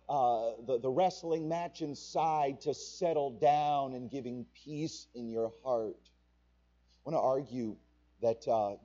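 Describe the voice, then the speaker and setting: A man's voice: mid-range voice, dark tone, highs cut off. A man preaching a sermon as pastor, swelling and dropping in volume and drawing out words for emphasis.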